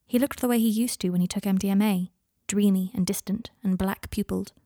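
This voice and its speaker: A woman narrating a fan fiction audiobook in an even, measured way. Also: mid-range voice, no echo, studio quality.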